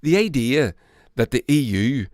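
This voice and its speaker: A man's voice: medium pitch, sing-song, measured pace, a little mellow, no echo, clean studio sound. A man hosting his own casual political commentary, blunt and rambling, swearing and restarting his sentences.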